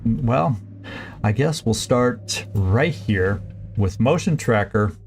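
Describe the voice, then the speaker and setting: Male let's-play streamer, mid pitch, casual halting strategy talk, light music bed. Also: animated. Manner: thinking aloud, halting restarts, planning moves. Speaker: gameplay streamer.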